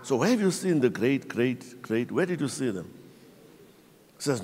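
Animated South African pastor preaching. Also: male voice, medium pitch, normal speed. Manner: animated storytelling preacher, acting out quoted voices. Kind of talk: sermon. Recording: long reverb of a large church hall.

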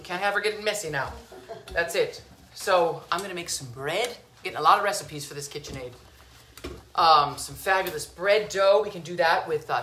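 Bright-voiced woman hosting a kitchen demo. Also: on the low side, echoey room. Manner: gushing, calls viewers sweetheart and lovies. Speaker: cooking show host. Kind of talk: casual cooking demo chat. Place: home kitchen.

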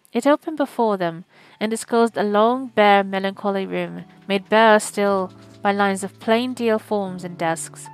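A woman reading a classic novel aloud as a live audiobook stream, in a measured, expressive way. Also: mid-range voice, poor audio. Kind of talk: scripted narration.

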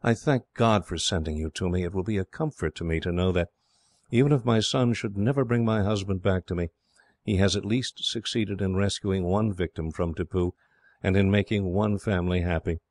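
A man voicing a kindly, motherly English woman who speaks gently. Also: low voice, normal speed, no room sound, natural voice. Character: warm, motherly English widow.

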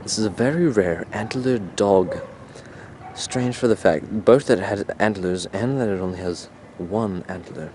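A man with a fairly low voice narrates a mock nature documentary while filming outdoors. He sounds mock-serious, crude and rambling. The camcorder audio carries clear outdoor background noise. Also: a little slow. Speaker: narrator and camera operator. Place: outdoors in a neighborhood.

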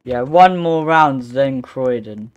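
A male gaming host giving live gameplay commentary, mostly calm remarks broken by sudden excited yelps and exclamations. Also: medium pitch, takes it slowly, muffled recording.

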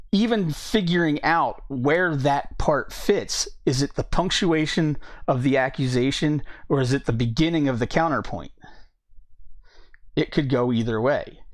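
Man thinking aloud over scripture. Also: medium pitch. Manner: thinking aloud, reads scripture, hesitant restarts. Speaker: Bible teacher. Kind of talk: casual Bible study talk.

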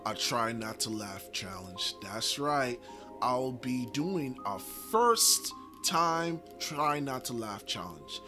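A man's voice: mid-range voice, animated, slow pace. Casual male reaction host, chatty, music playing behind. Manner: upbeat, chatty, with fillers. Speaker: YouTube host. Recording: clear background music.

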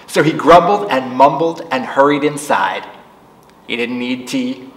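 A man reading a picture book aloud to children at a storytime, chatting with them between pages. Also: medium pitch. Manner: slow, animated read-aloud voice for children. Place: library room. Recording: echoey room, distant mic.

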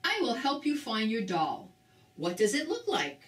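A woman voicing a helpful little girl, steady and reassuring, in a storybook reading. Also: a little high, normal speed. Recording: roomy, distant mic.

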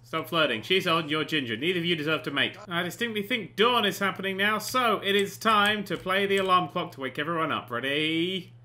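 A man giving sarcastic, excitable commentary while playing a life simulation game, often swearing and bursting into panicked shouts. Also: high-pitched, brisk, few pauses. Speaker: gaming channel host. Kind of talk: comedic let's play commentary.

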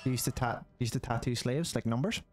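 A man's voice: mid-range voice, brisk. A young man, chatting casually and joking over a game he is playing, laughing and swearing often. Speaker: co-host of a gaming channel. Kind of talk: casual let's-play commentary.

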